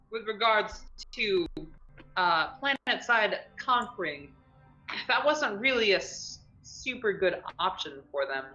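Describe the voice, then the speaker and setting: A woman running a tabletop game as game master, narrating with many halting ums and restarts. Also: medium pitch, bright, forceful tone, highs cut off.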